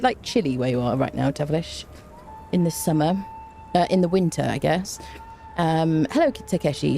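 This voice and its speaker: A woman's voice: low voice, mellow, slight background noise. A woman chatting casually on a gaming live stream, greeting viewers by name and making dry, self-mocking jokes. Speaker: game streamer.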